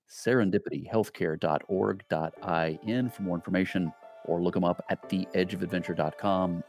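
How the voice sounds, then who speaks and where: A man hosting a podcast, thanking his guest and delivering a measured, deliberate sign-off. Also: sits low, a little mellow, dry recording. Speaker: podcast host. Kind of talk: podcast interview and outro.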